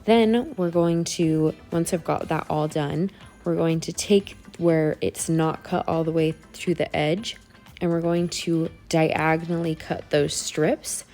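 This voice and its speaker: A woman giving a relaxed, step-by-step voice-over for a craft tutorial. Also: deep voice. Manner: easygoing, step-by-step explaining.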